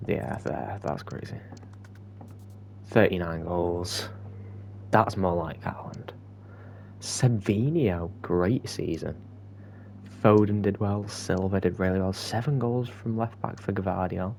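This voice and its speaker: A young man talks over his football game in an unhurried, lowish voice, dropping to muttered asides and then bursting out when a play excites him. A faint hum sits behind him in the recording. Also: vocal fry. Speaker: gaming YouTuber. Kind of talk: gameplay commentary.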